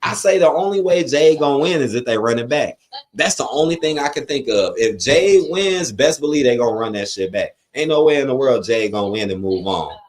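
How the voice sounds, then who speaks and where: A man's voice: medium pitch, lively intonation, fairly quick, a little mellow. A man hosting a live watch-along stream, reading chat comments aloud and giving blunt, profane opinions in a loose, rambling way. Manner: loose, rambling with frequent fillers.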